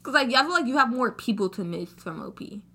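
A teenage girl co-hosting a podcast, chatting casually in slangy, animated storytelling with quoted asides. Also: on the high side, fast, husky. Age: teens. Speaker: podcast co-host. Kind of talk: casual chat.

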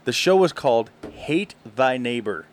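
A man co-hosting a casual podcast, telling stories in quick, animated bursts and laughing often. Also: mid-range voice. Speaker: podcast co-host. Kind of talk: casual chat.

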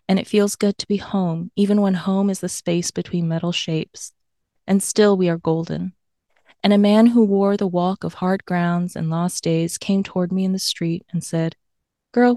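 A woman co-hosting a poetry podcast, reading a bio and then a poem aloud in a measured, rhythmic way. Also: mid-range voice, dark tone, no room sound, clean studio sound. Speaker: podcast co-host.

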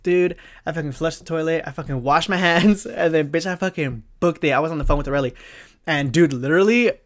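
A young man hosting his own podcast, telling an embarrassing story in a rambling, profane way, full of fillers and slang. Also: fairly high pitch. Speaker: podcast host. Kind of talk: casual storytelling monologue.

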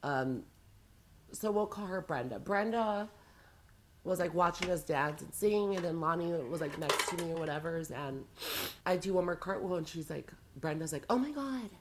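Lowish voice woman spilling tea, super dramatic and sassy. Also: moderate pace, background noise. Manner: animated, dramatic storytelling with sassy asides. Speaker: guest storyteller. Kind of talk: casual chat.

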